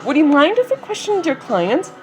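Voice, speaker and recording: Woman detective, polite and probing, read aloud by a woman, animated delivery. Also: high-pitched, normal speed, soft background music, pitched above the performer's own voice. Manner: polite, questioning.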